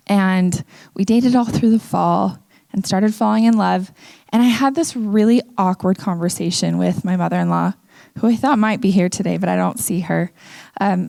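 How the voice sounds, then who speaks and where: A woman's voice: mid-range voice, vocal fry, darkish tone, no room sound. A middle-aged woman from Utah giving an earnest, candid personal testimony talk at an event. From Utah, USA. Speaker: speaker. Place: event venue.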